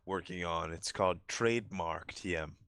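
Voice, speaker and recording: A man playing a tabletop game, full of playful jokes. His voice sits very low, with a bright, forceful edge. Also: moderate pace, smooth. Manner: jokey, playful. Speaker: player.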